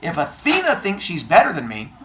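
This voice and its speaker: A brash, trash-talking teenage girl weaver, put on by a male teacher in a told-aloud myth. She brags nonstop and dares anyone to challenge her skill. Her pitch leaps around in lively swings. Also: a little fast, slight background noise. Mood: boastful.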